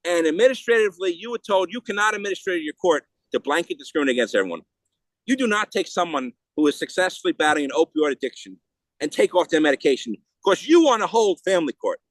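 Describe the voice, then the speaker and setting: A man speaking as a podcast guest in a heated, rapid way, often restarting and repeating words. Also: a little high, very animated, no room sound. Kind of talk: casual interview talk.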